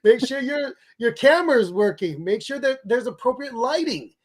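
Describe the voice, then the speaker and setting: A man who is a public speaking expert and author, giving emphatic, energetic advice in an interview. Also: very high-pitched, moderate pace. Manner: energetic, emphatic coaching delivery.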